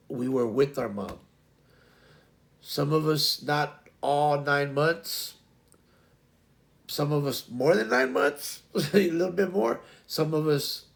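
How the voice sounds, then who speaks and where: A man's voice: mid-range voice, creaky. A man hosting a casual livestream chat, rambling and restarting his sentences often. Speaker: livestream host.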